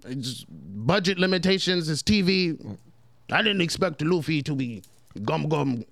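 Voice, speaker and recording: A man's voice: a little high, animated, unhurried, a bit bright, no room sound. A man putting on a stern German general with a German accent, grave and clipped. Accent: German, put on.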